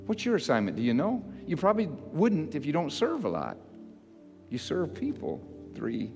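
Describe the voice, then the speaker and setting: An older man, a pastor, preaching a sermon in a folksy, self-mocking way that builds into loud, emphatic repetition. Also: a little high. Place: church sanctuary. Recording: church hall reverb with faint music.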